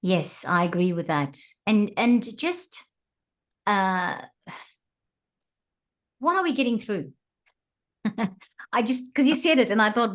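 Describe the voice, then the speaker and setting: A woman's voice: medium pitch, animated, slow, pauses often. A woman host from South Africa with a South African accent, chatting casually with a guest, laughing often and restarting her sentences. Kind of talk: casual conversational interview.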